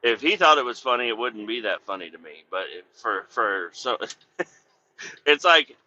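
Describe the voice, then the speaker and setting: A man's voice: mid-range voice, expressive, measured pace, bright, forceful tone. Cursing, rambling trucker man. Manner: rambling, heavy cursing, laughs at his own stories. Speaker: truck driver and podcast host. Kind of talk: casual storytelling chat. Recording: dull lo-fi audio.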